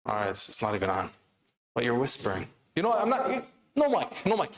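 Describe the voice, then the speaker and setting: A man's voice: mid-range voice, wildly swooping pitch, a little fast, fairly bright tone. A man giving an interactive sermon at a religious celebration, calling on the audience with repeated questions. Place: large hall of an Islamic center. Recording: echoey hall.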